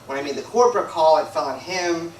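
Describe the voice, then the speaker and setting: A man's voice: on the high side, fairly quick, slight background noise. A man giving a sermon as a guest preacher, telling a personal story in a rambling, conversational way full of "like" and "you know". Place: church hall. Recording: echoey room, from a distance.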